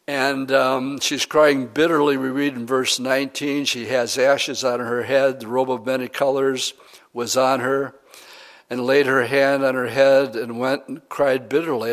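A man preaching a sermon, retelling a scripture story in a conversational way, paraphrasing the characters and correcting himself with fillers as he goes. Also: medium pitch. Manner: conversational, paraphrasing with quoted voices.

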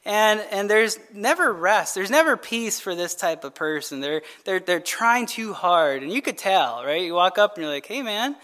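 A man's voice: high-pitched, lively intonation, moderate pace, few pauses, sharp tone. A male pastor preaching a midweek sermon in a loose conversational way, asking "right?" over and over and adding jokey asides to the congregation.

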